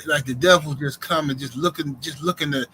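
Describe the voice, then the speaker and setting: A middle-aged man with a slightly higher voice tells a story the way he'd tell it to a friend, loose and full of slang, and he acts out the voices of the people in it. There is a faint hiss under the recording. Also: fairly quick, low-quality recording. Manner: animated storyteller, acts out the voices in his stories; casual slang-heavy speech. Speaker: co-host. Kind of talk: casual storytelling chat.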